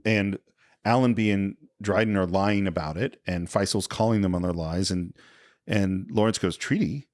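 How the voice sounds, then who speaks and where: A man with a fairly low voice recounts film scenes in a relaxed podcast chat. He drops into quoted lines and adds history asides, recorded close with a dry, dead sound. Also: moderate pace, no room sound. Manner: animated storyteller, acts out quoted lines. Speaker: podcast co-host. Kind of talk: casual film discussion.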